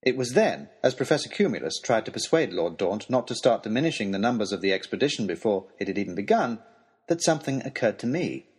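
A man's voice: on the low side, sing-song, fast, darkish tone, slightly rough. A man narrating a humorous storybook letter with dry, wry delivery. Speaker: audiobook narrator.

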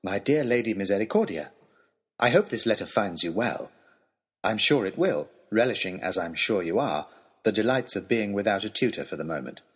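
A man's voice: on the low side, husky. A man narrating a humorous storybook letter with dry, wry delivery. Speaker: audiobook narrator.

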